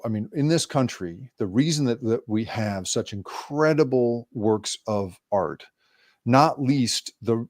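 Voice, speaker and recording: A man's voice: on the low side, darkish tone, no echo, clean studio sound. A man, a guest journalist, explaining ideas at length in an interview with many restarts. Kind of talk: remote interview.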